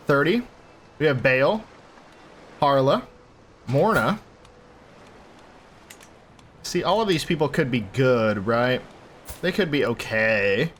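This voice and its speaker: A young man hosting a role-play playthrough of a strategy game, mixing read-out story text with casual, enthusiastic commentary. His voice sits at an ordinary middle pitch. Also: a bit bright, a little hiss or hum. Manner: chatty, enthusiastic, reads game text aloud. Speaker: gaming channel host.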